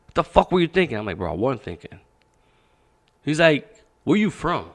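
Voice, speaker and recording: A man's voice: mid-range voice, sing-song, normal speed, long pauses. A man in his thirties, originally from Pakistan, tells a story from his past as a podcast guest. He talks casually, swears freely and acts out what people said, his voice swinging up and down as he goes. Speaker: podcast guest, boxing coach.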